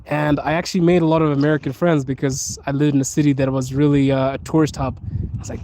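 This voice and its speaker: A man's voice: fairly high pitch, fairly even intonation, a little fast, dark tone, a little hiss or hum, poor audio. A man chatting casually on a live stream from his phone, laughing often and calling his viewers dude and bro. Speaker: livestream host. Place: outdoors on a snowy street.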